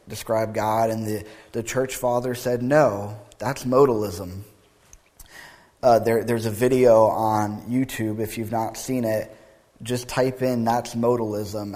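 A man preaching a sermon as pastor, talking earnestly with restarts and then reading a long creed with building emphasis. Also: lowish voice. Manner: thinking aloud, with repeated words and restarts.

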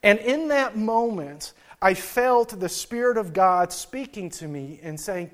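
Earnest high-voiced man preaching. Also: unhurried, hardly any pauses. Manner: storytelling, earnest, with many restarts and fillers. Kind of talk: sermon.

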